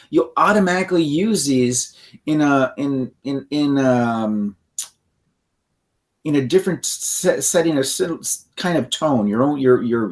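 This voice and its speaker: A man co-hosting a self-help podcast, explaining ideas in a loose, rambling way and acting out example phrases. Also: a little high. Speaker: podcast co-host. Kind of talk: conversational teaching.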